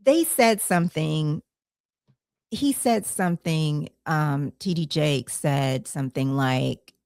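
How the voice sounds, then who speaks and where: A woman's voice: low voice, takes it slowly, a little mellow, no echo, clean studio sound. A woman hosting a podcast, talking casually over a video call, rambling with many fillers and self-corrections. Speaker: podcast host. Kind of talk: casual conversation.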